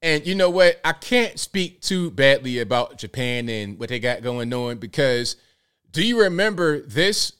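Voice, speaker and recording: A male host on a live commentary show, animated and quick to pile up rhetorical questions. His voice sits at an ordinary middle pitch for a man. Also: clear, resonant tone.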